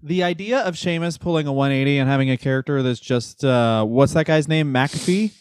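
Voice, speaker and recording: A man's voice: mid-range voice, a little fast, clean tone, dry recording. A man co-hosting a comedy podcast, joking loosely and laughing often. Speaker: podcast co-host.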